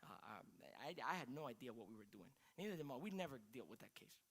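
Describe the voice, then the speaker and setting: A man pastor preaching a sermon, telling a story in an animated way and often exclaiming. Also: mid-range voice, fast.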